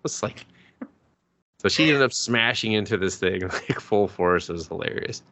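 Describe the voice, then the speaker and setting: Male podcast co-host, lowish voice, rambling giddy recap style with lots of cursing. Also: moderate pace. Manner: excited, rambling, swears a lot, laughs often. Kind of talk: casual chat recapping an anime.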